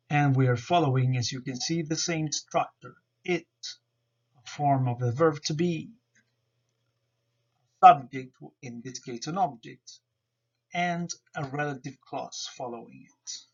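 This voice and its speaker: A man presenting a grammar lesson over slides, explaining in a careful, measured way. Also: mid-range voice. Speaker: student presenter. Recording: dull lo-fi recording.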